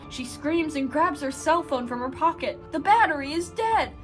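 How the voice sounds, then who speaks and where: A young woman vlogger who reads scary stories aloud in an animated voice, acting out the lines and breaking off to laugh and add chatty asides. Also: sits high, normal speed, few pauses, faint music behind. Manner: animated, acts out lines in the story.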